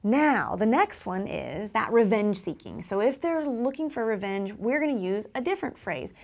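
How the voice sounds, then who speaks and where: Animated woman teaching, slightly gravelly voice. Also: mid-range voice, normal speed. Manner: animated, acts out children's voices and teacher replies. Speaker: parenting and teaching educator. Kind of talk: instructional talk to parents and teachers.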